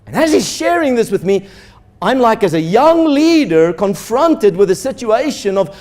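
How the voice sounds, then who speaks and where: A man's voice: very high-pitched, sing-song, moderate pace, darkish tone. A man, a pastor, telling a story in a sermon and acting out the dialogue with animation. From South Africa.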